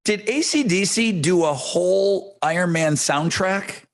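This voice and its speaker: A man co-hosting a podcast, chatting casually in a measured, matter-of-fact way. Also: high voice. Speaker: podcast co-host. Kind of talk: casual chat.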